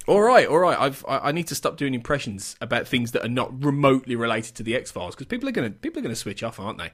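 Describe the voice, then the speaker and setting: A male podcast host with a lively voice that swings up and down in pitch. He talks casually and jokes at his own expense, often restarting his sentences. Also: fast. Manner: chatty and self-mocking, lots of restarts and laughs.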